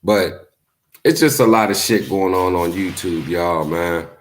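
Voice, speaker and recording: A man's voice: measured pace, a little hiss or hum. A man talking casually to his livestream viewers, telling stories in a loose, profane way and acting out what other people said. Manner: animated storytelling, acts out quotes in high voices; profane, laid-back. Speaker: YouTube streamer. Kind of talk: casual live-stream commentary.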